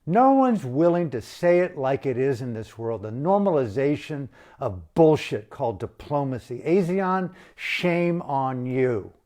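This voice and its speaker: A man's voice: medium pitch, big pitch swings, normal speed, few pauses, mellow. A man in an impassioned, blunt political rant full of profanity, speaking with open outrage. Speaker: activist speaking to camera.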